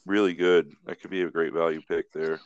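A man's voice: sits low, flat delivery, fairly quick, smooth, no echo. A man co-hosting a podcast in laid-back, profane, grumbling casual chat, on a slightly dull lo-fi mic. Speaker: podcast co-host.

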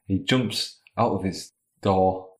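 A man's voice: low-pitched, slow pace, roomy sound. A man co-hosting, playfully improvising and narrating a comedy sketch in casual chat. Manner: playful, rambling, narrates the scene.

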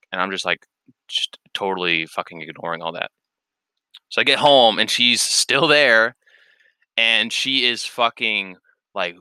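Young man, lowish pitch, very bright and clear, candid rambling storyteller who swears a lot, close dry mic. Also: dry recording. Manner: rambling, candid, profane, many fillers. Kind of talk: casual storytelling.

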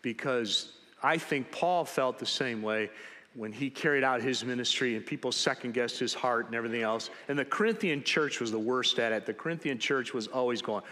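Animated male preacher, bright voice, reverberant hall. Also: medium pitch, moderate pace. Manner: animated storytelling, acting out biblical characters. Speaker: pastor. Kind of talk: sermon.

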